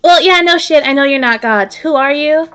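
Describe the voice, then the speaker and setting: A woman voicing a tired, foul-mouthed female halfling fighter who complains in quick bursts. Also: high voice, a bit bright, voice pushed up. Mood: exasperated. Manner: exasperated, swearing, quick complaints.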